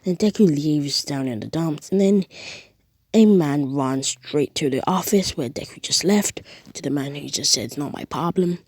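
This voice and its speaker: A young woman retelling a fan story casually, rambling and animated. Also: sits low, moderate pace, breathy edge, dry recording. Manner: rambling, animated, lots of restarts and acted quotes.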